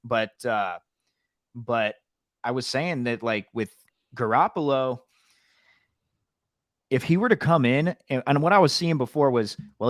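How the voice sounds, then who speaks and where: A man's voice: medium pitch, no echo, studio quality. A man co-hosting a casual sports podcast, loose and conversational, who leans on "like" a lot. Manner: loose and conversational, heavy use of "like". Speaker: podcast co-host.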